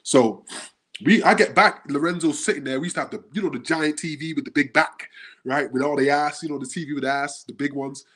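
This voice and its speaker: A man from the UK, a guest on the show, telling animated stories in casual chat and acting out the quotes. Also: on the high side, fairly quick, breathy edge. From United Kingdom. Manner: animated storyteller, acts out quotes.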